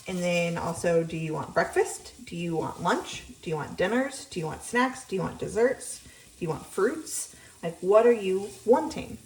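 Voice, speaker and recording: A young woman vlogger chats casually while cooking in her home kitchen, rambling with lots of ums as she explains her routine. Her voice is lowish and the mic is distant, so she's often off-mic in the echoey kitchen, with frying sizzling in the background.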